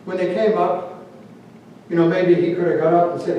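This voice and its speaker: High-voiced pastor in echoey hall. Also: male voice, sing-song, normal speed, pauses often, mellow, slight background noise. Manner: conversational, acts out quoted voices. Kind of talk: sermon. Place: church sanctuary. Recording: very echoey church hall, mic at a distance.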